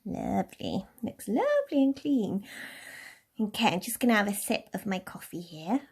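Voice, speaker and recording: A young woman from Somerset giving a relaxed, chatty nail care tutorial in a lightly posh English accent. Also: mid-range voice, moderate pace, breathy edge. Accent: posh-leaning southern English. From Somerset, England. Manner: chatty, relaxed, with soft laughs. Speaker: beauty tutorial host.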